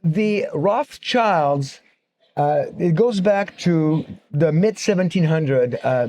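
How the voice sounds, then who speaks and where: A man speaking at a church conference in an animated, joking lecture style with frequent fillers. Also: a little high. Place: church auditorium. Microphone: stand-mounted microphone.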